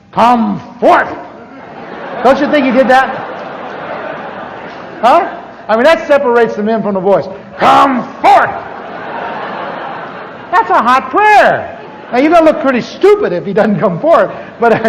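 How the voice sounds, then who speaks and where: High-voiced pastor telling jokey stories. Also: male voice. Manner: animated and joking, acting out his own past prayers. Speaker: pastor teaching a class. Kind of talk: humorous storytelling lecture. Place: large church conference hall. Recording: live hall recording with long reverb and faint hiss.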